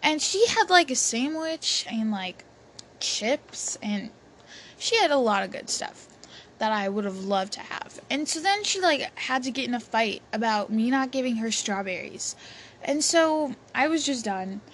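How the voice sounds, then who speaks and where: A woman's voice: on the high side, very animated, measured pace, fairly bright tone. A young woman telling a personal story in a chatty way, with many fillers and restarts. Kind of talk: casual storytelling. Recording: faint background noise.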